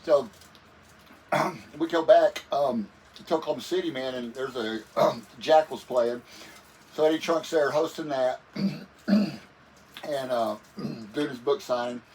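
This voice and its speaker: A man's voice: medium pitch, takes it slowly, pauses often, darkish tone. A man guest musician telling stories casually in an interview, rambling and laid-back, often saying "man". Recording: voice a bit far from the mic with faint noise.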